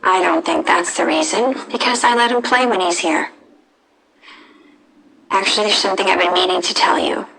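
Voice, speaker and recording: An actress playing a supportive mother who speaks gently and reassuringly. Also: on the low side, normal speed, vocal fry, long pauses, background noise. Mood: gentle.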